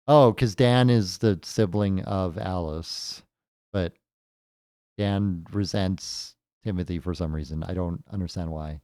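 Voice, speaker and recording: Chatty low-voiced man playing a game. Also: unhurried, a little mellow, no echo, studio quality. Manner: thinks aloud, chatty, jokey asides. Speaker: gamer playing a game for the first time. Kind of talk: casual let's-play commentary.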